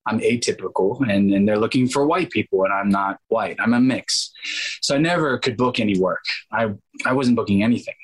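A man in his thirties, an actor interviewed as a guest, telling stories in an animated way and acting out quotes. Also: lowish voice, a little fast, breathy edge, low-quality recording. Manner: animated, acts out quotes in changed voices, laughs often. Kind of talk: casual storytelling interview.

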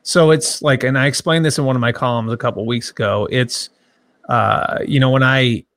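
A man in his thirties, a sports journalist who grew up near Boston, answering interview questions in a halting way with many restarts and fillers. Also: medium pitch, steady tone, fairly bright tone, dry recording. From grew up in the Boston area.

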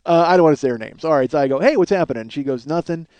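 A man's voice: fairly high pitch, rapid-fire, darkish tone, clean tone, no room sound. A middle-aged man telling a rambling, self-mocking comic story as a podcast host. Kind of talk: casual comedic monologue.

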